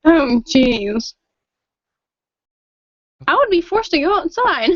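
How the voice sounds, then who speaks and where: A young woman guesting on a podcast, chatting casually with dry, deadpan quips. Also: high-pitched, takes it slowly, no echo. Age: young adult. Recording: dull lo-fi dry sound.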